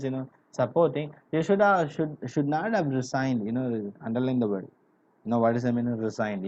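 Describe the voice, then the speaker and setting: Male teacher, mellow and middle-pitched, talks a class through a story with lots of "you know", dull lo-fi recording. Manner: explains word by word, many "you know" fillers. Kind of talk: classroom literature lesson.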